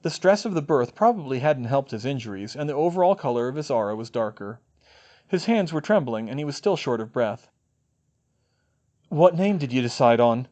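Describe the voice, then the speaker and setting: A man reading fan fiction aloud as an audiobook narrator, expressive in delivery. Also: medium pitch, brisk. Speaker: audiobook reader.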